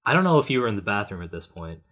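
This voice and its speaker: A man co-hosting a casual film podcast, talking animatedly and acting out characters in quick voices. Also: lowish voice, big pitch swings, a loud crowd. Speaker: podcast co-host.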